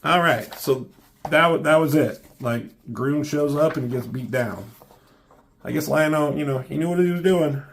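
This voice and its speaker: A man's voice: fairly high pitch, moderate pace, creaky, slight background noise. A man giving a casual comic book review, rambling and joking with lots of swearing.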